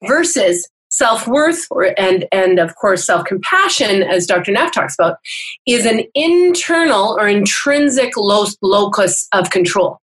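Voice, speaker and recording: A woman's voice: on the high side, expressive, moderate pace, a bit bright, slightly rough, poor audio. A woman counselor and teacher, a guest on a video call, explaining things in an earnest, instructive way and often asking "right?". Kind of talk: explanatory interview talk.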